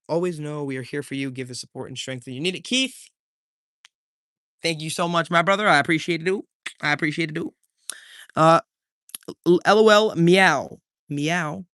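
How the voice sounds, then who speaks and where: A laid-back male streamer talks in a slightly higher-than-usual voice, chatty and loose, full of slang as he reads comments and thanks viewers by name. The sound is close and dry, with almost no room around it. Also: fairly bright tone, no room sound. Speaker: live streamer. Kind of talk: casual livestream chat, reading out viewer comments.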